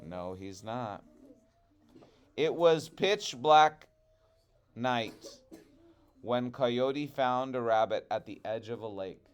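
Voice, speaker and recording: A male teacher reading a storybook aloud to children, expressive and chatty, stopping for asides with the class. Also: medium pitch, slow, long pauses, clear, resonant tone.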